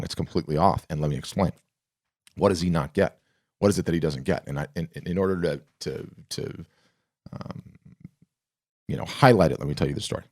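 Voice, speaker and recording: Deep-voiced rambling podcast host. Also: male voice, no echo, studio quality. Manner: rambling, with frequent restarts; animated storyteller. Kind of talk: casual solo podcast talk.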